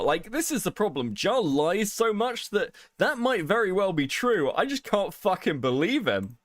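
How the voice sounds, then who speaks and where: Animated swearing livestream co-host. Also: male voice, fairly high pitch, moderate pace, hardly any pauses, dry recording, studio quality. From Europe. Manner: animated, swears a lot, laughs often. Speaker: co-host of a livestream commentary show. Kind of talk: casual livestream commentary.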